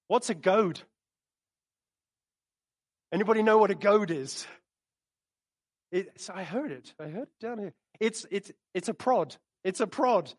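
A man preaching a sermon in a church, animated and storytelling, speaking into a microphone. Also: high voice, unhurried, long pauses. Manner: animated, storytelling, acts out quotes with laughs. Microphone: microphone he moves around while preaching.

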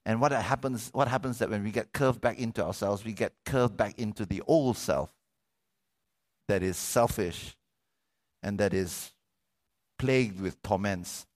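A middle-aged male pastor preaching a sermon, animated, repeating words and asking for amens. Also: fairly low pitch, measured pace, pauses often.

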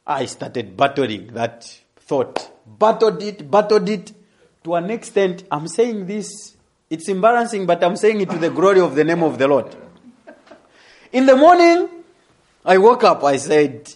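A young adult man telling a testimony in a sermon, animated and laughing as he tells the story. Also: sits high, moderate pace. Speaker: preacher.

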